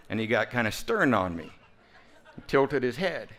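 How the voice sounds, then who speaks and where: Fifties male speaker, lively humorous storyteller, plain mid voice. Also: mid-range voice, normal speed. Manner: animated, humorous, full of sound effects. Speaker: recovery talk speaker. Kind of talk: personal storytelling speech.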